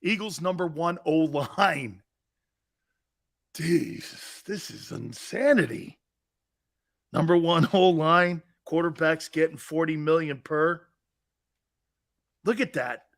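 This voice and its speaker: A man hosting a sports talk show, ranting with mock excitement and sarcasm and breaking into shouts. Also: fairly high pitch, takes it slowly, vocal fry, pauses often. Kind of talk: sports talk radio rant.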